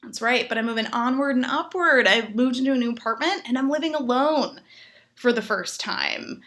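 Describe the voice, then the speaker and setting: A woman's voice: on the high side, moderate pace. Sarcastic young woman comedian. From Chicago, United States. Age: 20s. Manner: animated, sarcastic punchline delivery. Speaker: stand-up comedian. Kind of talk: stand-up comedy set.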